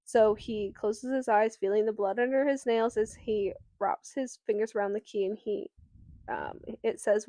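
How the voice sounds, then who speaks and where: A woman's voice: medium pitch, steady tone, moderate pace, warm tone, no room sound. A woman co-hosting a podcast, recapping a novel's plot in casual chat with fillers and some swearing. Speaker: podcast co-host. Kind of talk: casual book discussion.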